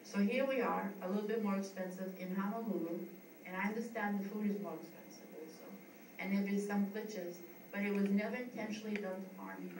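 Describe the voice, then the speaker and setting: A woman's voice: medium pitch, steady tone, a little fast, darkish tone. A middle-aged woman from the US East Coast, a yoga school founder giving a heartfelt, rambling tribute speech with frequent restarts. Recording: echoey room, distant mic, noisy.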